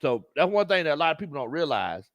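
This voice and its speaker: A man's voice: fairly high pitch, quick pace, no room sound, muffled recording. A man hosting a casual sports livestream, reading viewer comments aloud and laughing often. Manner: laughs often, Southern slang, animated reactions. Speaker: sports show host and coach.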